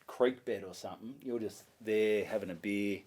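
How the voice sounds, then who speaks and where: An Australian comedian, appearing as a guest, tells a story in a casual chat with a low-ish voice at a moderate pace. He's animated, swears freely, and acts out voices as he goes.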